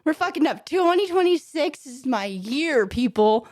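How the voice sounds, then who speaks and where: Podcast co-host, woman, bright-pitched, keeps fumbling her jokes on a dry mic. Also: lively intonation, a little slow, no echo. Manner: flustered, laughing at her own slip-ups. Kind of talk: casual joke telling.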